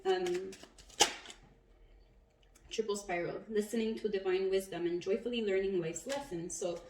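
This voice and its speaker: Woman, tarot reader, casual and expressive; roomy echo, a step back from the mic. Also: medium pitch, a little slow, recorded from a distance, a little hiss or hum. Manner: chatty, animated, swears and laughs often.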